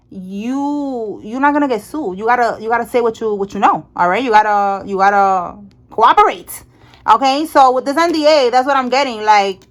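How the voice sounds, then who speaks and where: A woman giving a casual tarot reading in a slightly high voice. She talks in an animated way, speaks to the cards and to Spirit, and repeats her points. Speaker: tarot reader.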